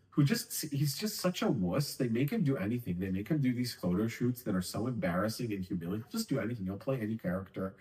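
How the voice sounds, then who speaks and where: A man's voice: mid-range voice, far from the mic, low-quality recording. A man giving a casual sales-training talk, conversational and emphatic with rambling asides.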